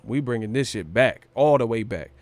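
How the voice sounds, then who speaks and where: A man's voice: medium pitch, lively intonation, moderate pace, no echo. A man from California hosting a boxing livestream, brash and profane, riffing hard and breaking into laughter and sung lines. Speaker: boxing stream host. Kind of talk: casual livestream rant.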